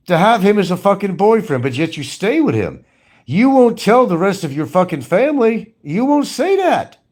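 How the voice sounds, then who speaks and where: A man ranting angrily in commentary, swearing often and firing scolding rhetorical questions. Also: high-pitched. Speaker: commentary streamer.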